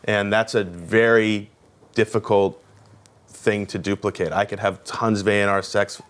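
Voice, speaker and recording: Smooth, low-voiced man in an interview. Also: level tone, a little slow. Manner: earnest and reflective, with restarts. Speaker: guest record executive. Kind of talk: interview answers.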